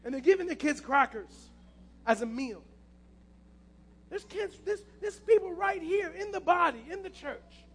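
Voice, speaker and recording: A man's voice: very high voice, lively intonation, unhurried. A man preaching a passionate sermon as pastor, repeating his key phrases.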